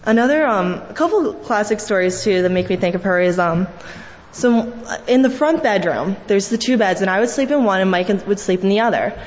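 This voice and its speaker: A woman's voice: medium pitch, animated, a little fast. Young woman giving a rambling eulogy. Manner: fond rambling storytelling with many fillers. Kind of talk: memorial eulogy. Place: large church. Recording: echoey hall, dull sound, faint hiss.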